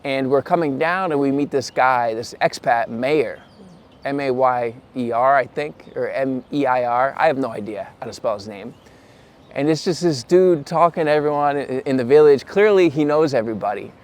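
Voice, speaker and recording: A man's voice: medium pitch, normal speed. A young man vlogging to camera, telling a casual, rambling story and correcting himself as he goes. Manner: chatty, rambling, self-correcting; puts on voices when quoting people.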